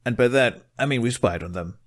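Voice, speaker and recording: A man's voice: mid-range voice, brisk, voice pushed up, lightly acted. A man voicing a theatrical, sly young male Viking twin.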